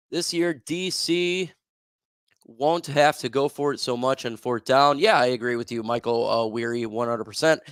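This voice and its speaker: A man's voice: medium pitch, moderate pace, clean tone, no echo. Casual young man hosting a dry livestream. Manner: reads viewer comments aloud and reacts, loose and filler-heavy. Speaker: livestream host. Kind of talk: casual sports livestream chat.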